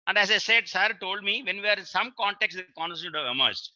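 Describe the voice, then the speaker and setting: A man's voice: high voice, animated, fast talker, bright, forceful tone, no echo. An older Indian man with an Indian English accent, telling courtroom stories in an earnest lecture, over a webinar mic. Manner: earnest storytelling, quotes courtroom exchanges, many filler uhs. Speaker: senior advocate giving a webinar talk. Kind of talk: reminiscing lecture. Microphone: webinar computer mic. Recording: dry muffled webinar audio.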